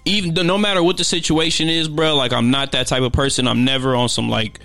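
A man's voice: mid-range voice, steady tone, fast talker, gravelly, sharp tone, dry recording. A man co-hosting a casual podcast, talking emphatically in slang. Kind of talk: casual chat.

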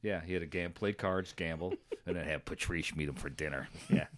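A young man with a low-pitched voice speaking at normal speed co-hosts a podcast, telling a story in a casual chat. He's animated, laughs a lot, and swears freely.

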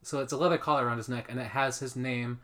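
A woman's voice: rumbling low, fairly even intonation, quick pace. A woman in a casual chat who chimes in with short questions and replies. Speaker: co-host asking questions.

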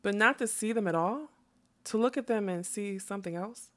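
A woman's voice: normal speed, a bit bright, natural voice. A woman voicing a proud, ageless female unicorn in a storybook reading, haughty and rising sharply when offended. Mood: wondering. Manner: haughty, jumps high when indignant.

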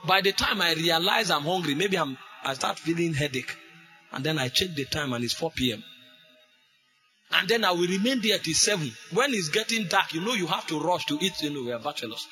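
Fervent preacher man, forceful. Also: fairly high pitch, lively intonation, fairly quick, faint music behind. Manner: fervent, repetitive, bursts into shouts. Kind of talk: sermon.

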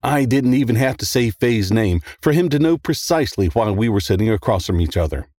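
A man narrating a first-person horror story in a steady, measured way. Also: on the low side, no room sound.

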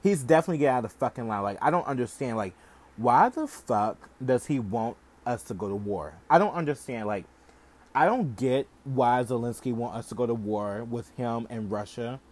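A man's voice: mid-range voice, animated, moderate pace, darkish tone. A young man hosting a podcast, ranting in heated, casual commentary full of "like" and profanity. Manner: heated, profane, heavy use of "like". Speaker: podcast host.

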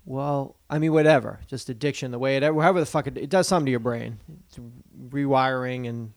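A man's voice: medium pitch, brisk, gravelly, no echo. A man co-hosting a podcast in casual chat, rambling and joking with plenty of swearing. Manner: profane, rambling, jokey. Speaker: podcast co-host.

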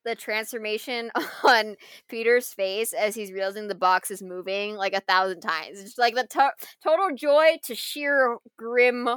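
A woman co-hosting a casual chat, retelling a film scene in an animated way, full of fillers and frequent laughter. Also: on the high side, measured pace, clear, resonant tone, no room sound.

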